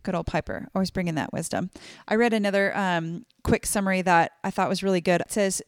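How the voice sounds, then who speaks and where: Woman podcast co-host, casual and earnest, filler-heavy, slightly low voice, dry room. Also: fairly quick, no echo. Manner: chatty, many fillers, warm and earnest. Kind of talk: casual Bible study chat.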